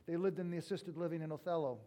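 High-voiced male pastor preaching. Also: fairly even intonation, quick pace. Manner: storytelling with wide swings from loud to hushed. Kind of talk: sermon.

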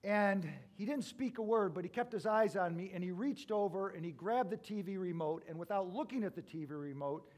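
A male pastor preaching a sermon, telling stories with big swings from loud to hushed. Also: sits high, brisk, hardly any pauses.

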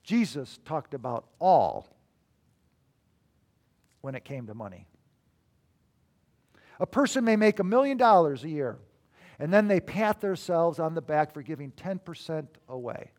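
A man preaching a sermon as a pastor, emphatic, with sudden swings between loud declarations and quiet asides. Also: fairly high pitch, sing-song, unhurried, pauses often.

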